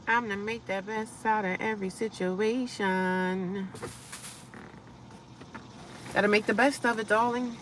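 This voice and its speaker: A woman's voice: mid-range voice, fairly even intonation, a little slow, long pauses, a bit bright, distant mic, a little hiss or hum. A middle-aged woman chatting casually to her phone from inside her car, upbeat and self-encouraging with sassy asides. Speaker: vlogger living in her car. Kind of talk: casual live-stream chat.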